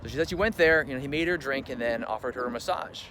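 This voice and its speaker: A young male vlogger with a mid-range voice and a quick pace chats his way through a personal story. Every other word seems to be "like," and he acts out what others said while loud ambience plays behind him.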